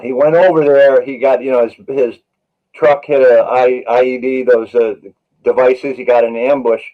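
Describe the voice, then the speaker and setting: A man's voice: medium pitch, steady tone, moderate pace, narrow, tinny audio. A man, a paramedic, telling stories from the job in an interview, earnest and full of "you know" fillers. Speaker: paramedic and author, interview guest. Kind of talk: storytelling in a podcast interview.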